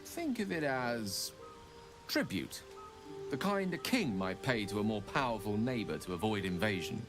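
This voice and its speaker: An actor playing a measured, formal male wizard with courteous, precise diction in a video game. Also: on the low side, sing-song. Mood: grave. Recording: game audio over soft music.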